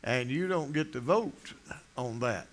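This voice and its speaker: A man's voice: mid-range voice, expressive, unhurried. An older man preaching a folksy, rambling sermon, joking with his congregation between many fillers and restarts.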